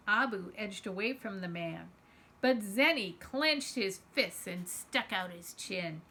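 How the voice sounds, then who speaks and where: A woman reading a children's novel aloud in an expressive first-person storytelling voice. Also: mid-range voice, measured pace. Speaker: storytime reader.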